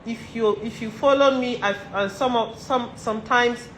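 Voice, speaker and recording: A woman's voice: fairly high pitch, normal speed, a bit bright, echoey room, slight background noise, low-quality recording. A woman with a Nigerian accent giving a motivational talk to other women, earnest and repeating her urgings for emphasis. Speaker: vlogger giving advice to women. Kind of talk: motivational monologue.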